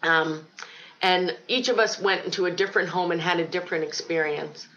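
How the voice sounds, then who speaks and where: A middle-aged woman from Ohio recounts her childhood in an interview, earnest and reflective, with frequent pauses and ums. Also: fairly low pitch, steady tone, fairly bright tone, muffled recording. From Ohio, United States. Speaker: guest telling her life story. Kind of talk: personal testimony in an interview.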